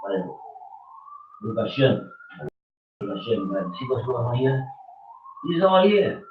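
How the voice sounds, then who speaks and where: A man's voice: mid-range voice, big pitch swings, slow pace, slight background noise. An older man in a congregation, talking in a rambling, blunt and worked-up way. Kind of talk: heated rambling talk. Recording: dull echoey room from far off.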